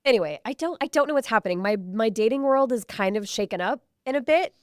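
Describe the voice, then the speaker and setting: A woman's voice: on the high side, animated, fast talker, no room sound, studio quality. A woman co-hosting a podcast, telling dating stories in casual chat with blunt, profane humor. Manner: blunt, storytelling, swears freely. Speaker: podcast co-host. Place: Houston area.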